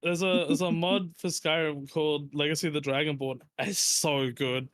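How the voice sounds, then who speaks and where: A man's voice: a little high, fairly even intonation, normal speed, fairly bright tone, dry recording, studio quality. A man chatting casually on a podcast, rambling and swearing as he explains things. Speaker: podcast host. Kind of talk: casual chat.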